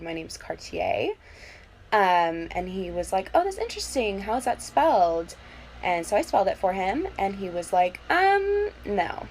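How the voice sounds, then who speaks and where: A woman's voice: fairly low pitch, darkish tone, slight background noise. A woman, a former hotel front desk worker, telling a personal story with dry sarcasm.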